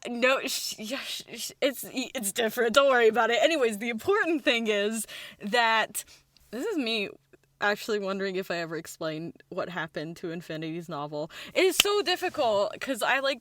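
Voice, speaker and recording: A young woman hosting a podcast, casually retelling a story with lots of "like" and quick voices for the characters. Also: mid-range voice, bright, forceful tone, no room sound. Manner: rambling, full of "like" and restarts, acting out characters.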